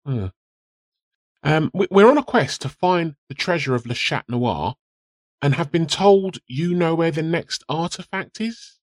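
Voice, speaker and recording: An earnest young hero leading a treasure quest , as a man acts him. He is matter-of-fact, and his slightly high voice rises and falls a lot. It is recorded dry and close. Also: animated, measured pace, no room sound. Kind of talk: amateur radio comedy sketch.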